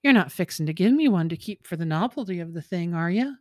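A woman voicing a young male fisherman in a folktale, eager and excitable, exclaiming in sudden high bursts. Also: quick pace, no room sound, clean studio sound, natural voice. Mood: startled. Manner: excitable, exclaiming, breaks upward in pitch.

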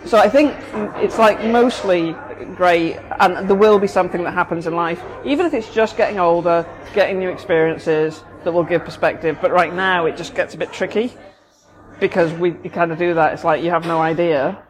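A woman's voice: on the low side, moderate pace, poor audio. A woman, a therapist co-hosting a casual talk, explaining her ideas thoughtfully with examples. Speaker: therapist, podcast co-host. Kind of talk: casual conversation.

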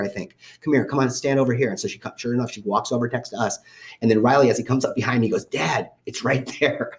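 A man telling a story from his own life. He speaks casually, often corrects himself and restarts, and acts out the voices of the people in it. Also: mid-range voice. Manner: rambling with self-corrections and restarts. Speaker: father telling a family story.

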